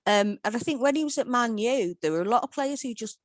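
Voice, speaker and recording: A woman's voice: a little high, expressive, fast talker, no room sound. A woman chatting on a casual podcast, giggly and self-deprecating. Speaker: podcast guest.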